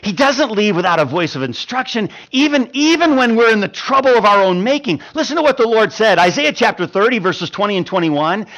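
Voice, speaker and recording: A man's voice: high-pitched, fairly quick, few pauses, highs cut off. A man preaching a sermon, retelling a story with lots of stammered repeats. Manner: animated, stammering repetitions.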